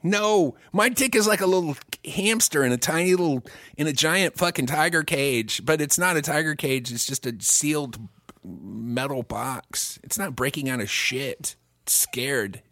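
A man co-hosting a comedy podcast, telling crude, profane stories with animated delivery. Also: fairly high pitch, normal speed, no echo, clean studio sound. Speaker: podcast co-host. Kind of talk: casual comedic chat.

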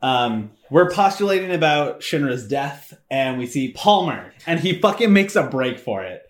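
A man co-hosting a casual let's-play, chatting in an animated way, swearing and laughing often. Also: medium pitch, normal speed. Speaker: game co-host.

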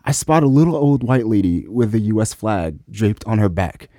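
A man telling a story animatedly, acting out the people he quotes with big jumps in pitch. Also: lively intonation, moderate pace, mellow, no echo, studio quality. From United States. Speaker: musician and guest.

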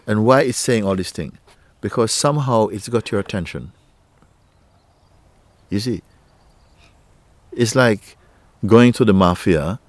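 Low-voiced man teaching gently. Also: dry recording. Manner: gentle, playful, laughs often, repeats "you see" and "huh"; nonstandard grammar in English. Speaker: spiritual teacher. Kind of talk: spiritual teaching to a listener.

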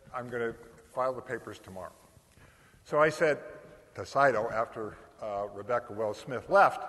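Older man telling a story in a reverberant hall. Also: medium pitch. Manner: animated, acts out quoted dialogue. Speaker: storyteller speaker. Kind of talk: anecdotal storytelling talk.

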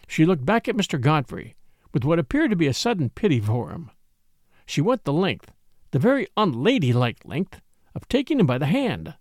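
A male audiobook narrator reads in a theatrical, expressive manner. His voice sits a little high for a man and moves a great deal. The recording is dry and close. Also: moderate pace, no echo. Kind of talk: scripted narration.

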